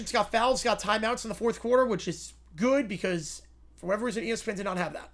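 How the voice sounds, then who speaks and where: A man hosting a sports livestream, chatting casually with the audience. His delivery is relaxed and offhand, with quick asides between thoughts. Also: high-pitched. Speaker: livestream host.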